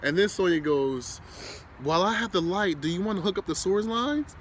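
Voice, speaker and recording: A young man vlogging with his wife, casually retelling a rough camping night in a relaxed, slangy way. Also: high-pitched, a little fast, slight background noise. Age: young adult. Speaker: vlogger, husband. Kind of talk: casual storytelling chat.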